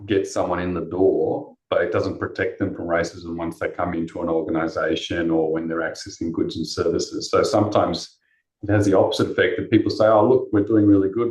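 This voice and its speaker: A man's voice: low-pitched, darkish tone. A man on a webinar panel, answering in a passionate, rambling way and poking fun at himself. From Australia. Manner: passionate, rambling, self-deprecating. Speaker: panelist, race discrimination commissioner. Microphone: video call. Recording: echoey room over a video call.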